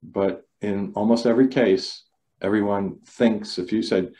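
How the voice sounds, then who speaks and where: A man's voice: lowish voice, steady tone, moderate pace, mellow. A man giving a critical thinking talk over a video call, loose and repetitive, often asking his listeners questions. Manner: loose, repeats words, asks the audience questions. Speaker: lecturer. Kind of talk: online talk to a club.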